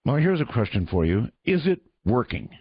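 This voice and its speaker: A man's voice: medium pitch, sing-song, moderate pace, breathy edge, no echo, lo-fi sound. A man hosting a radio talk show, interviewing a guest with pressing, prodding questions.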